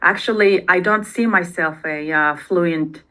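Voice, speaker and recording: A woman's voice: fairly low pitch, unhurried, bright, forceful tone, low-quality recording. A woman from Mongolia whose first language is Mongolian, giving an academic presentation in English with many fillers and restarts.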